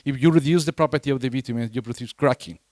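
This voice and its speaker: A man with as his gives a conference talk in earnest, halting English, often restarting his phrases. His voice sits in the middle of the male range. The sound is dry and close, with little room echo. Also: medium pitch, darkish tone. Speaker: conference speaker, senior lecturer in civil engineering. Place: lecture event room.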